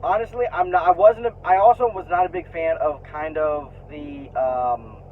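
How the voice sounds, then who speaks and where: A man's voice: on the high side, moderate pace. A man vlogging in a casual, rambling way, full of fillers and restarts, and frank enough to swear when annoyed. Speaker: vlogger sharing opinions. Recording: tinny phone-like sound with faint noise.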